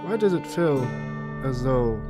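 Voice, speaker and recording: A man's voice: medium pitch, lively intonation, a little slow, loud music behind the voice, close to an everyday voice. Nero, a man doing a lost emperor calling out. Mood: bewildered. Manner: bewildered, calling out into emptiness. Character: Roman emperor Nero, male, vain and theatrical.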